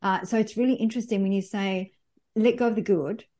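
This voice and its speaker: A woman's voice: mid-range voice, steady tone, a little fast, dark tone. Open, engaged woman podcast host. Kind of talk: casual interview chat.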